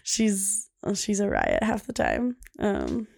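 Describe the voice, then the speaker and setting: A woman's voice: mid-range voice, huge pitch swings, takes it slowly, creaky, a little mellow, slightly rough. A young woman hosting a podcast, chatting casually and filling her talk with "like". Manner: chatty, peppered with "like". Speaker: podcast host. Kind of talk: casual chat.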